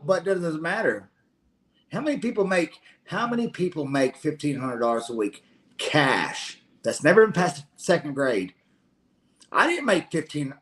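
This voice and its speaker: A man's voice: fairly high pitch, very animated, moderate pace, fairly bright tone. A man with a Kentucky Southern accent in casual late-night stream chat, rambling and indignant with many restarts. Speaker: stream co-host.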